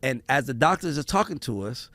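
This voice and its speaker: A man hosting a casual family conversation, telling stories in an animated, profane way. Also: mid-range voice, fairly quick, dry recording. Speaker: podcast host.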